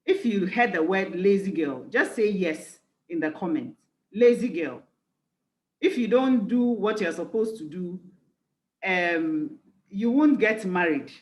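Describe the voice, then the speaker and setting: A woman's voice: mid-range voice, lively intonation, unhurried, echoey room, rough recording. A woman life coach giving a conference talk, earnest and reflective, leaning on key phrases. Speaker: executive life coach and speaker.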